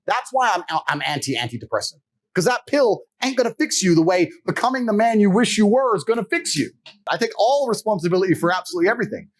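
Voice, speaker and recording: A man giving a blunt, profane motivational monologue, lecturing the listener directly and confrontationally. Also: high voice.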